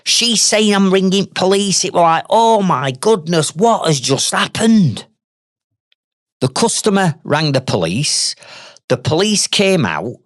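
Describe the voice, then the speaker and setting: Northern English man, lively storyteller, dry close sound; trades podcast host. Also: fairly high pitch, dry recording. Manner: animated, conversational, blunt. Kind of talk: storytelling monologue.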